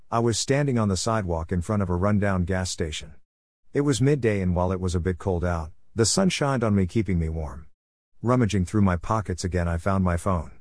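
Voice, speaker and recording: A man's voice: deep voice, a little mellow, dry recording, studio quality. A man giving an earnest, reflective scripted first-person narration as a storyteller.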